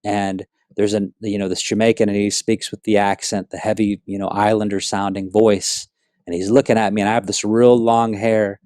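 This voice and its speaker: A man from South Florida telling his personal faith testimony in an earnest, animated storytelling way, full of asides. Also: lowish voice, moderate pace, no echo, clean studio sound. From South Florida, USA. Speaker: speaker giving a personal testimony.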